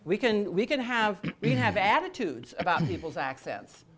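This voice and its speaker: Amid a noisy background, a woman with a mid-range, sing-song voice runs a training workshop at normal speed. Her talk is casual, peppered with fillers and restarts, and she laughs and jokes with participants.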